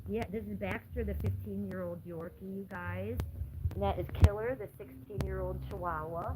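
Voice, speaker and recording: A woman's voice: mid-range voice, fairly even intonation, fairly quick, noisy background. An American woman hosting a casual livestream while walking through her house, chatting with viewers and cooing at her pets. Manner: chatty, talks baby talk to her pets. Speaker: livestream host. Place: house, indoors and on the porch.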